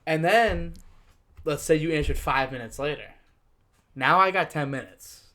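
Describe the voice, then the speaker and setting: A man hosting a podcast in casual chat, joking and rambling as he lays out his own rules in quick bursts. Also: on the high side, a bit bright. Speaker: podcast host.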